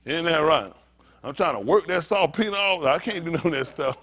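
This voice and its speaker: A man's voice: a little high, animated, fairly quick, a bit bright. A man preaching a sermon as pastor, talking straight to his congregation in a joking, conversational way. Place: synagogue congregation.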